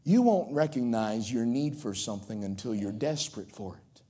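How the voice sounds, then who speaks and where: A male preacher from coastal North Carolina with a Southern accent, delivering a sermon that swings from ringing highs to hushed drops. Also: expressive, moderate pace, husky. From Outer Banks of North Carolina.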